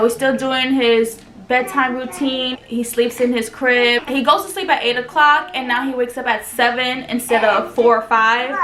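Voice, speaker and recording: A woman's voice: a little high, pushed and bright, reverberant. A young woman, a mother, chatting casually to camera, with fillers of "like" throughout. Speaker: mother and family vlogger.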